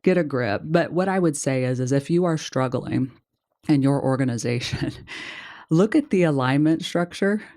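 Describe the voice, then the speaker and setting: A woman co-hosting a podcast, telling a story in a snarky, animated way and acting out the dialogue. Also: a bass voice, moderate pace. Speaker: podcast co-host. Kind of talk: casual chat, storytelling.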